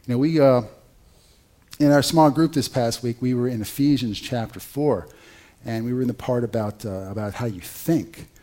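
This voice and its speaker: A male pastor preaching a sermon in an animated, conversational way, with rhetorical questions to the congregation. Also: mid-range voice, normal speed.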